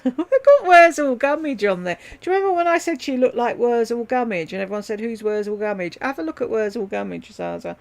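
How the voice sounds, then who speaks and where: A woman's voice: a little high, lively intonation, fairly quick, hardly any pauses. A woman hosting her own livestream from home, chatting loosely with viewers and addressing them by name as she rambles from one thing to the next. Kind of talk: casual livestream chat.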